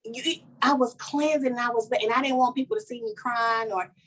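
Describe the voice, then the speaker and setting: A woman, a life coach guesting on a podcast, telling a personal story in a lively, heartfelt way and talking straight to listeners. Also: a little high, moderate pace, husky. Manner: animated storytelling, talks to listeners as "y'all". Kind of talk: casual podcast conversation, personal testimony.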